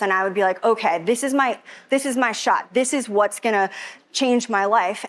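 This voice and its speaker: Young woman, higher pitch, emotional rambling testimonial delivery. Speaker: event attendee giving a testimonial. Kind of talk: personal testimony.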